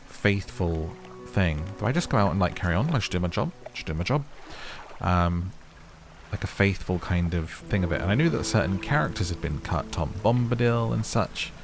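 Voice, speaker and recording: A man's voice: deep voice, very animated, moderate pace, creaky. A man with a London accent chatting casually while playing a video game and reading its text aloud. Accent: London English. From England. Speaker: gameplay streamer. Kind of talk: relaxed let's-play commentary. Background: game music.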